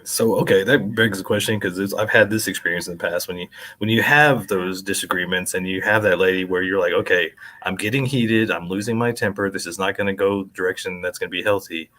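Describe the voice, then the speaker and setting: A man's voice: deep voice, a little fast, few pauses, pushed and bright, low-quality recording. A man co-hosting a podcast who asks questions conversationally and shares his own experiences. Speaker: podcast co-host. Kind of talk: casual chat.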